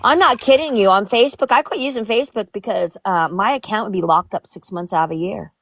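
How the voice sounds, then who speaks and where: A woman's voice: mid-range voice, quick pace, a bit bright, no room sound. A woman chatting casually on a live stream, blunt and joking, swearing freely. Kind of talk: casual chat.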